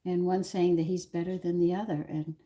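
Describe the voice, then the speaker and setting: A woman's voice: lowish voice, level tone, brisk, mellow. A woman in her sixties hosting a home cooking stream from her kitchen, chatting in a rambling, opinionated way while greeting viewers. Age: 60s. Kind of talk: casual chat while cooking.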